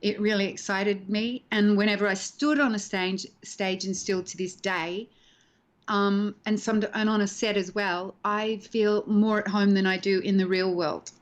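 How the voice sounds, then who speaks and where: Woman, middle-aged, animated storyteller, casual video-call interview. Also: mid-range voice, measured pace, lo-fi sound. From Australia. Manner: animated storyteller, acts out quoted voices. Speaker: actress interviewed as guest.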